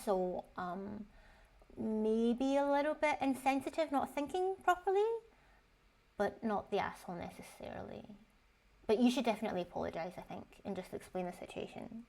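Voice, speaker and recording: A woman's voice: fairly high pitch, very animated, normal speed, vocal fry, dark tone. A woman giving casual, frank reaction commentary on online posts. She talks in a chatty way, swears freely and keeps asking rhetorical questions.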